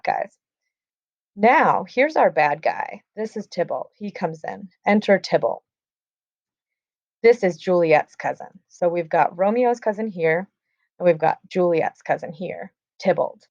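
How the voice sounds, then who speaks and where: A woman's voice: on the low side, expressive, moderate pace, a little mellow, no echo. A woman teaching a class, reading lines from a play aloud and retelling them in casual, chatty terms. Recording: dull, dry lo-fi recording.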